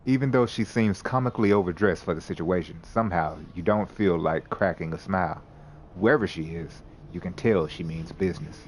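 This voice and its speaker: Deep-voiced man narrating a game. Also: fairly quick, slight background noise. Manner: laughs and corrects his own misreads. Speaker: let's play narrator. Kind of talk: reading a visual novel aloud with commentary.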